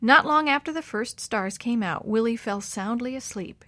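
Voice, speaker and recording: A woman narrating a chapter book for children in a warm, expressive, slow and clear way. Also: on the high side, dry recording. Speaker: children's storyteller.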